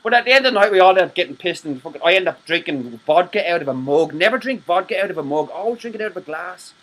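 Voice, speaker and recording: A high-voiced man talks quickly in a loose, rambling way, swearing freely as he tells his stories. His speech is fast and tumbling, the way a guest sounds on a casual video-call chat. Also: poor audio. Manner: rambling, swearing, animated storytelling. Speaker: podcast guest.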